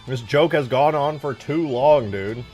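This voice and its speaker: A man's voice: mid-range voice, unhurried, soft background music. A young man casually chatting with his livestream chat while modding a game, joking around and swearing often. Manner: animated, swears often, jokey banter with chat. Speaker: streamer modding a video game.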